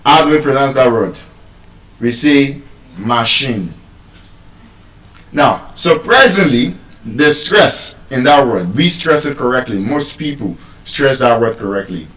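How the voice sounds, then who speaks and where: A man with a Nigerian accent giving a live talk on pronunciation to an audience, playful and teasing, repeating words slowly to drill them. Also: mid-range voice, expressive, a bit bright. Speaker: public speaker teaching pronunciation. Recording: echoey hall, voice from far off.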